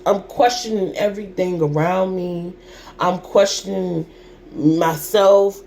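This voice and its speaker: A woman's voice: on the low side, fairly even intonation, measured pace, vocal fry, warm tone, a little hiss or hum. A young adult woman telling a personal story to her viewers in an emotional, repetitive, colloquial way. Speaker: vlogger.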